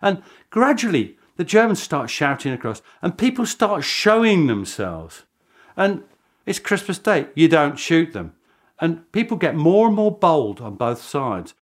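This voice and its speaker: A man in a documentary interview, speaking as a historian. His slightly high voice swings widely as he tells the story. Chuckles and small restarts break up his delivery. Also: very animated, a little slow.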